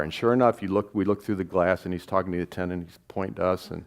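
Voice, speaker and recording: A documentary filmmaker tells a story to an audience live, rambling and correcting himself with chuckles between lines. His voice is low and fairly even in intonation, delivered rapid-fire with vocal fry.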